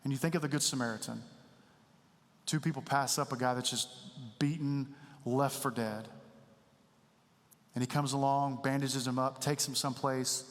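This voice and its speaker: A preacher delivers his sermon in a relaxed, confessional manner, threading in stories from his own life with candid, conversational warmth. His medium-pitched voice moves at a moderate pace with long pauses. The long reverb of a church sanctuary surrounds the sound.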